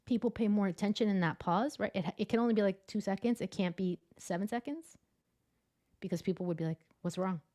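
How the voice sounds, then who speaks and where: Woman on a video call, teacher type, gets excited and chatty explaining stuff, lots of "like"s. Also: mid-range voice, fairly quick. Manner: enthusiastic, animated explainer with frequent fillers. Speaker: guest, adjunct professor of public speaking. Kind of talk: casual interview chat.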